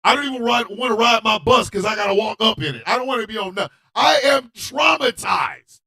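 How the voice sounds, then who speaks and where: A man hosting a radio show, telling a comedic story in a loud, animated, profane way and often shouting. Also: very high-pitched, brisk, gravelly.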